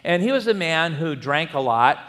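A man's voice: a little high, sing-song, moderate pace, a bit bright, big-room sound. A man preaching a sermon as pastor, conversational and telling personal stories.

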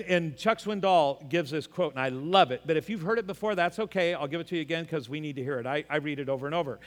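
An older male pastor delivers a sermon with a notably high-pitched voice, pressing his points hard and then easing into self-mocking jokes. His words ring out with a long reverb, as if spoken in a big church hall. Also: a bit bright. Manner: emphatic preaching with joking personal asides.

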